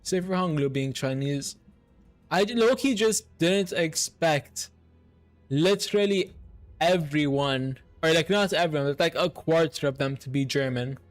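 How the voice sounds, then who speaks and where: Excitable high-voiced male game streamer. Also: unhurried, soft background music. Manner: excitable, swears casually, talks to chat. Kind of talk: casual live-stream chat while gaming.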